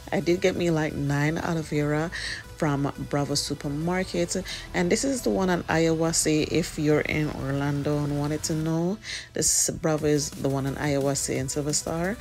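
A woman's voice: low voice, darkish tone. A Jamaican woman chatting casually in a vlog while doing her children's hair, rambling and tending to speed up. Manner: chatty, rambling, tends to talk fast.

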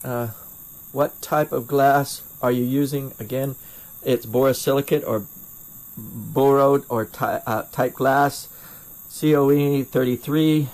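A man's voice: medium pitch, fairly even intonation, slow, a little mellow. A middle-aged man with a North Carolina accent, a glassblower chatting casually and a bit self-deprecatingly while he answers viewer questions during a live torch demo, recorded through a first-person camera mic in his home studio. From North Carolina, USA. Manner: rambling and self-deprecating, with frequent restarts. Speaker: glassblower streaming torch demos.

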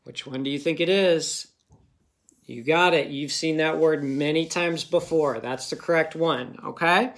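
A man's voice: a little high, measured pace, a bit bright. A male teacher giving a phonics lesson to children, patiently sounding out words and checking in with "okay?" again and again.

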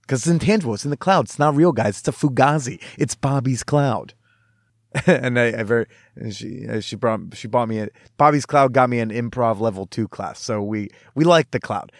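A young man hosting a podcast, telling stories in a casual, animated way, with lots of swearing and quick asides. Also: mid-range voice, dry recording, clean studio sound. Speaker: podcast host. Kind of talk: casual storytelling monologue.

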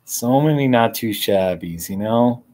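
A man with a medium-pitched voice live-streams from a hammock outside, chatting casually. He rambles along in a laid-back, drawn-out manner.

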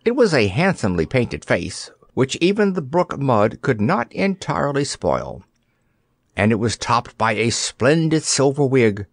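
A man narrating an audiobook in an expressive storytelling manner, on a close studio mic. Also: medium pitch, measured pace, no echo.

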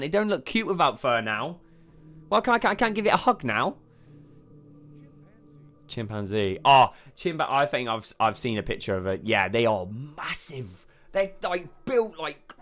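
A man's voice: medium pitch, fairly bright tone. A man hosting a reaction video. He talks casually, exclaims a lot, swears freely and laughs often.

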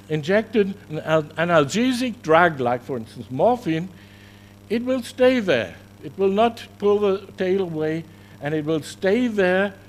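High-voiced man giving a scientific lecture. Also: darkish tone, slight background noise. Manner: halting, often corrects himself mid-phrase. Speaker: scientific presenter. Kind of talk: conference lecture. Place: conference venue.

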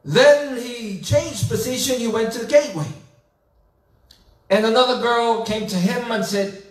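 Slow, high-voiced man preaching a sermon. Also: reverberant, recorded from a distance. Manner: slow, dramatic storytelling with rising emphatic questions. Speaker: pastor. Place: church sanctuary.

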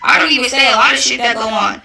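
A young woman delivers a confrontational, profanity-laced rant. Her voice sits high and cuts with a hard, piercing edge. She taunts and jabs as she talks. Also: fast talker, creaky, sharp tone, rough recording. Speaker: reality show cast member. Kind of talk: angry social media rant.

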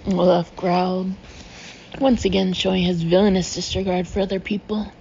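A woman reading a storybook aloud in a measured way with wry asides. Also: lowish voice, little pitch movement, creaky, darkish tone, highs cut off, slight background noise. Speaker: audiobook reader. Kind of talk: storybook narration.

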